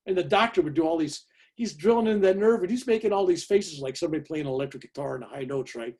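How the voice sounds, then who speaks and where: Husky 70-something guy, kinda high voice, telling his story all animated on a video call. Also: fast. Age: 70s. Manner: emphatic, lively, tag questions. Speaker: guest speaker.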